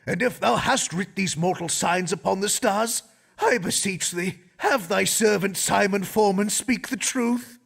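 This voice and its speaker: A frail Elizabethan patient whose high, gravelly voice pleads to heaven. The husky, rasping timbre sounds ill, and soft music plays under him. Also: male voice, unhurried, full character voice. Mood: pleading. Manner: pleading, prayerful. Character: sickly Elizabethan man, pious and fearful. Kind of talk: voiced game dialogue in Elizabethan English.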